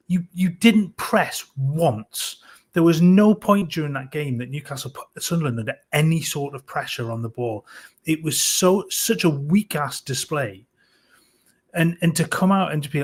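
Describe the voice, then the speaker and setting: A plain-spoken man vents his exasperation in casual live talk. His voice sits a little high for a man. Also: lively intonation, moderate pace, slightly rough. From North East England. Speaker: co-host of a fan podcast.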